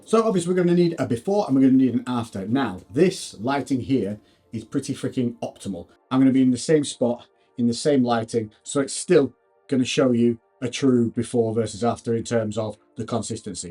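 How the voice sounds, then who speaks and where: A man's voice: mid-range voice, fairly quick, dark tone, husky, soft background music. A young man chatting casually to camera about his diet and training, playful, with silly whoops and hums. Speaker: fitness vlogger. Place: home and garage gym. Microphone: shotgun mic on camera.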